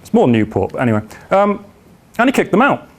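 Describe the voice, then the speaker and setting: Brisk and very animated, a high-pitched man with a South Welsh accent shares self-deprecating anecdotes at a business networking meeting. He comes from South Wales.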